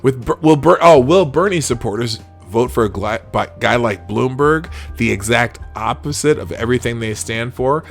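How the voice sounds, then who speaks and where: A man's voice: medium pitch, animated, moderate pace, vocal fry, hardly any pauses, faint music behind. A man hosting a live show, casually reading headlines aloud and adding sarcastic, rambling commentary. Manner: rambling and sarcastic, with frequent fillers and restarts.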